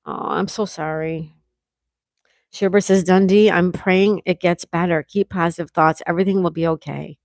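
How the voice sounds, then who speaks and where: A middle-aged woman hosting a casual livestream, reading viewers' comments aloud and chatting back warmly. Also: on the low side, steady tone, normal speed, creaky, no echo, clean studio sound. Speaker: livestream host reading chat. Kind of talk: casual live chat.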